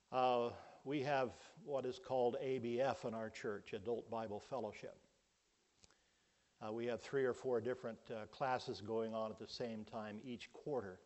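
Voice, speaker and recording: A middle-aged male pastor delivers a sermon at an unhurried, deliberate pace. His pitch sits at an ordinary middle level. He presses on key words, often swelling suddenly louder. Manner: slow, emphatic preaching with sudden loud rises.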